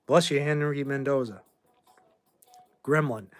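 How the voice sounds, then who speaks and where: In a mid-range voice at a measured pace, pausing often, a man in his forties from Boston, Massachusetts hosts a casual livestream chat. He answers viewer questions with offhand rambling and blunt opinions.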